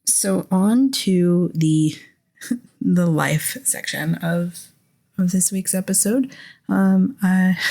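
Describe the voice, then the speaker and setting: A woman hosting her own podcast in casual solo talk, candid and rambling, with a hoarse, phlegmy voice and frequent restarts. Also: lowish voice, a little mellow. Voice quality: raspy, phlegmy voice with a lingering cough. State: hoarse throat. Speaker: podcast host.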